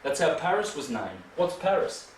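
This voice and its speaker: A man's voice: a little high, sing-song, normal speed. Guy lecturing, rambly and emphatic, mic far off with faint hiss. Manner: emphatic, rambling, rhetorical questions. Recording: echoey room from far off, faint noise.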